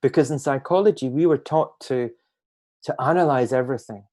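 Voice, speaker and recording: Gentle, musing man speaking on a call. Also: medium pitch. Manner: gentle, musing, often slows down for emphasis. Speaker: guest speaker on a group call. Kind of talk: reflective spiritual talk.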